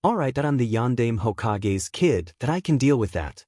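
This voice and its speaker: An emotional, stubborn twelve-year-old ninja boy, as a male narrator puts him on for a fan fiction story reading. His voice swings widely in pitch as he stammers through shock and anger. The sound is dry and close. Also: big pitch swings, normal speed, dark tone, no room sound. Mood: upset.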